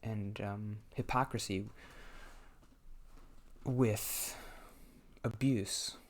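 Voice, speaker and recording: A man's voice: fairly low pitch, fairly even intonation, very slow. A man talking casually while he plays a game, thinking aloud in a hesitant way and often restarting his sentences. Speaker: gameplay commentator.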